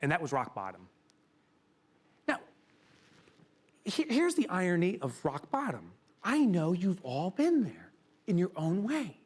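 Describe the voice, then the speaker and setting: Animated middle-aged man telling a story. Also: high voice, a little slow, long pauses, breathy edge. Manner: animated, emotional storyteller who bursts into loud exclamations. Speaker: keynote speaker. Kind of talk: live storytelling talk to an audience. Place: room with a live audience.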